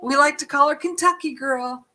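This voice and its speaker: Woman host, loose and jokey, high, bright tone. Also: moderate pace. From California, USA. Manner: loose, joking, swears casually. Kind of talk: casual live stream chat.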